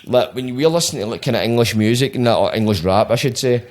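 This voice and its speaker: Scottish guy hosting a podcast, sweary and rambly, mid pitch. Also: quick pace. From Scotland. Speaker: podcast host. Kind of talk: casual chat.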